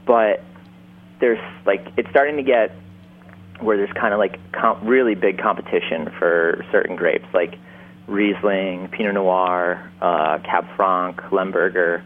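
A man's voice: sits low, fairly even intonation, measured pace. A man from Upstate New York, a winemaker, talking casually in an interview with many fillers and restarts. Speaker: winemaker guest. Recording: tinny phone-like line.

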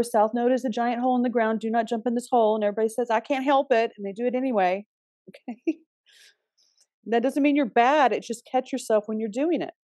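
A woman's voice: on the high side, mellow, no echo. Chatty woman with a dry close sound. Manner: chatty, laughs often, many restarts. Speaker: astrology talk host. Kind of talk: casual spoken advice.

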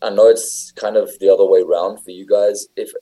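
A man's voice: fairly low pitch, level tone, fairly quick, mellow, rough recording. A young English man chatting casually, telling stories with lots of fillers and restarts. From England. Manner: rambling, filler-heavy storytelling. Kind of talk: casual chat.

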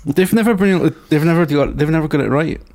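A man's voice: on the high side, fast, a little mellow. A man co-hosting a podcast, swearing and ranting in casual banter with friends. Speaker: podcast co-host.

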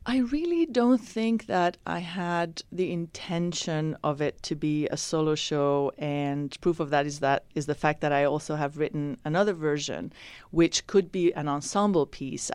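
A woman's voice: low-pitched, moderate pace, darkish tone, clear, resonant tone, no room sound. A woman actress answering interview questions in a reflective, thoughtful way, often restarting her sentences.

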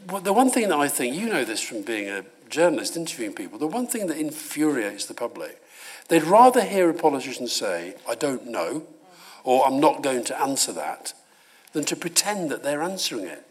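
A man's voice: a little high, a little fast. A middle-aged man from Britain, a guest speaker answering audience questions in a live university talk, telling stories and mimicking voices. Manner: animated storyteller, laughs and mimics voices. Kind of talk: live Q&A conversation. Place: university lecture hall.

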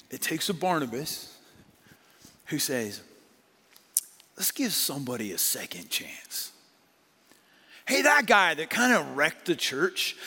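A man's voice: fairly high pitch, bright, forceful tone, long reverb tail. A man preaching a sermon as a pastor, speaking conversationally and acting out biblical figures in casual modern speech.

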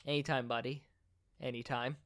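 A man voicing a caring adult man on a phone call, talking someone through a panic in a calm, firm, reassuring way. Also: medium pitch, normal speed, no room sound, clean studio sound, natural voice. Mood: soothing.

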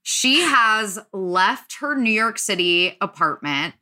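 A woman's voice: medium pitch, expressive, takes it slowly, pushed and bright. A young woman hosting a podcast, chatting and gossiping casually with lots of fillers. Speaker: podcast host. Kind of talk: casual chat.

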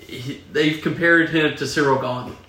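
Higher-voiced man in an echoey room. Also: measured pace. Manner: steady, explains things to listeners. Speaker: podcast co-host. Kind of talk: casual podcast chat.

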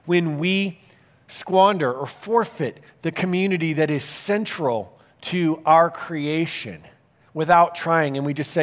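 Earnest, fairly high-voiced male pastor preaching. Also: takes it slowly. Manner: earnest, emphatic preaching with varied pace. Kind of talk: sermon.

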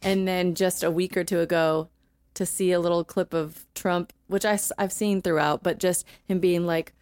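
A woman's voice: fairly low pitch, steady tone, moderate pace, darkish tone, no echo. A young woman co-hosting a podcast in casual chat, talking loosely with many fillers and frequent laughs. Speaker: podcast co-host.

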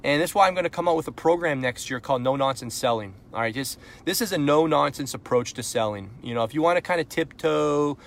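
A man's voice: fairly high pitch, fast talker, creaky, few pauses. A man from Canada giving a live sales coaching talk, blunt and punchy, firing rhetorical questions and pushing into frustrated intensity. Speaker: sales coach and podcast host.

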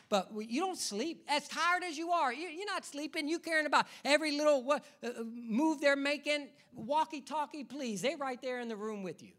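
A male pastor delivers a sermon in a bright, ringing voice. He drives each point home with rhythmic repetition and keeps turning to the congregation with rhetorical questions. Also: sits high.

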